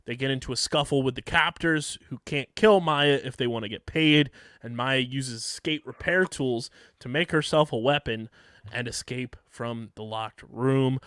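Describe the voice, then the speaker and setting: Rambling through an episode recap with plenty of ums and laughs, a male podcast co-host keeps things casual. He has a mid-range voice that sounds clear, resonant and fairly bright. It's a dry, studio-quality recording.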